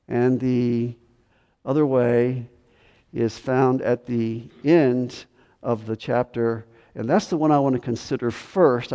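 Mellow-voiced preacher man in a reverberant hall. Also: fairly high pitch. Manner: measured teaching with emphatic rises. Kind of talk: expository sermon.

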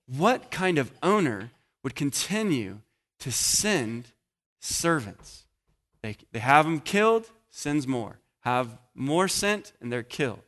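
A man preaching a sermon, swinging from loud emphasis to hushed pauses and sometimes searching aloud for passages. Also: medium pitch, big pitch swings. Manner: searching aloud with restarts while finding passages.

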